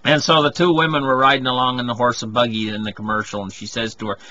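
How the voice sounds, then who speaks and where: Bright-voiced rambling man. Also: medium pitch, little pitch movement, quick pace, lo-fi sound. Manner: rambling, full of restarts and "you know". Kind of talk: rambling monologue.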